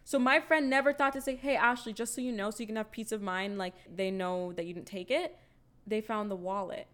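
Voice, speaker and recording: A woman's voice: mid-range voice, a little fast. A young woman telling a story in casual chat, swearing freely and acting out the quotes with energy. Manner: animated, profane storytelling with acted-out quotes.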